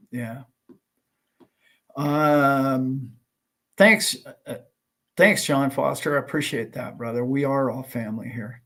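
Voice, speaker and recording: A man hosting a livestream, chatting casually and greeting viewers, rambling and friendly with lots of filler words. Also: mid-range voice. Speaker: livestream host.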